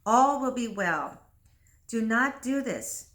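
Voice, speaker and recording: A woman putting on a bitter old man in a storybook reading, pressing his words out in an urgent, hushed way. He sounds menacing and desperate, with a bright edge to the voice. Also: a little high, animated, takes it slowly. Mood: urgent menace. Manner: urgent, hissing whisper.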